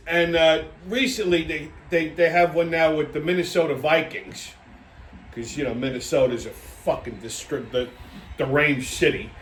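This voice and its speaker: A high-pitched man rants through his show in a brash, foul-mouthed, rambling way, often stumbling and restarting. His voice bounces around an echoey room. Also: fairly bright tone. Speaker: show host. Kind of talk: casual ranting commentary.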